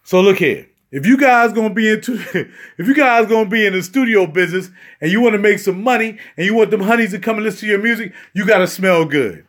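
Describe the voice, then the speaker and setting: Man, high voice, loose and jokey, vlogging a tour of his home studio gear. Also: lively intonation, fast, fairly bright tone. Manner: loose, joking, rambling, addresses viewers as y'all. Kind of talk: casual vlog tour.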